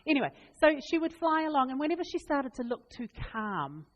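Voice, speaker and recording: A woman preaching a sermon, telling funny family stories with laughs and lively asides. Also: high-pitched, brisk, highs cut off. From New Zealand. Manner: animated, laughing, chatty anecdotes. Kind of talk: humorous storytelling sermon. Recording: long reverb in a hall.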